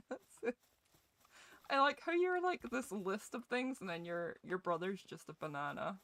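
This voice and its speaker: A woman's voice: mid-range voice, animated, unhurried, a bit bright, no echo. A young woman streaming a game and chatting casually with her viewers, giggling and swearing freely while sounding ill with a cough.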